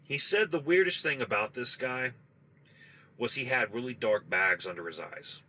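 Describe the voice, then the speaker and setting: A man's voice: medium pitch, animated, moderate pace, sharp tone, slight background noise, poor audio. A man, a trucker, telling a spooky story in a loose, profane, conversational way from his parked truck. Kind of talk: casual spoken storytelling.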